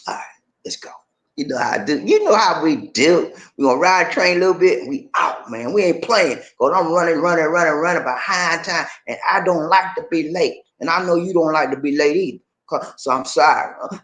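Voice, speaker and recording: Animated preachy man giving relationship advice. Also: a little high, a little fast, echoey room. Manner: animated, preachy, playfully pleading. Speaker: relationship vlogger. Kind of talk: casual advice monologue.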